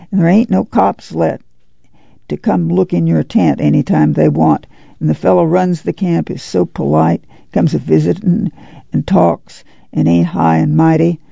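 A man voicing an excitable poor rural girl who rambles eagerly in country talk. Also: on the high side, creaky, breathy edge, no echo, heavily acted. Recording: dull lo-fi dry audiobook recording.

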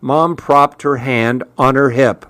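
A man reading a first-person story aloud, unhurried and even. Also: mid-range voice, dry recording. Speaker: narrator.

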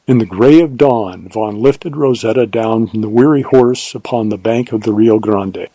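A man narrating an audiobook novel in a measured, unhurried storytelling manner. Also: on the low side, dark tone, husky, no room sound, low-quality recording.

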